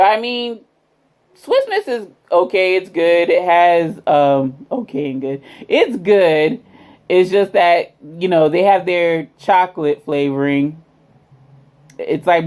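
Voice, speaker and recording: A woman talks her viewers through a drink review at an unhurried pace. She rambles and loops back on herself with plenty of fillers, and she keeps calling her audience y'all. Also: low-pitched, darkish tone. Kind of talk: casual product review chat.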